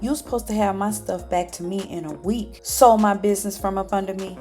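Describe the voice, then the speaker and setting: A woman's voice: medium pitch, steady tone, fairly quick, darkish tone, soft background music, close to an everyday voice. A woman voicing a vengeful male crime boss who talks in threatening street slang. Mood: menacing.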